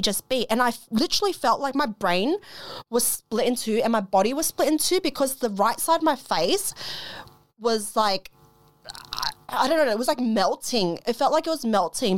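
An animated woman in casual podcast chat, telling her story and swearing freely, her voice jumping way up whenever she acts out what someone said. The sound is dry and close, with no room around it. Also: dry recording. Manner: animated, swearing, acts out quotes with big pitch jumps. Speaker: podcast host.

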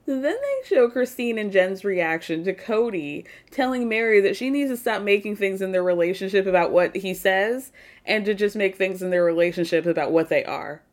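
A woman hosting a podcast, recapping a reality show in casual, sarcastic commentary and swearing freely. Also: mid-range voice. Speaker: podcast host.

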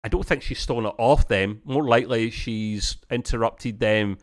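Here a man with a medium-pitched voice, talking at normal speed, co-hosts a casual podcast reviewing a TV episode. He rambles, restarts often, uses lots of fillers, and laughs frequently.

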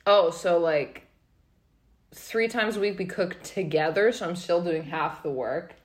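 A woman co-hosting a casual podcast chat, skeptical and dry, quick to laugh. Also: fairly low pitch. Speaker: podcast co-host.

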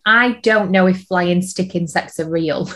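A woman co-hosting a podcast with a fairly low voice. She is dry and playful, reasoning through her guesses out loud in casual chat. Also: unhurried. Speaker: podcast co-host.

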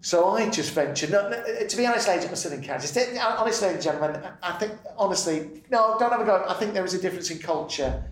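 A middle-aged man with a British accent, a comedian guest telling an animated anecdote in casual chat. He laughs freely and swears often. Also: high-pitched, fast talker, hardly any pauses. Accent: British English. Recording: roomy and distant with faint noise.

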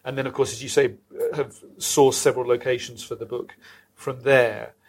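At a live event venue with an audience, a man with a medium-pitched, level voice interviews an author onstage at a moderate pace. His questions are long, winding, and academic in style.

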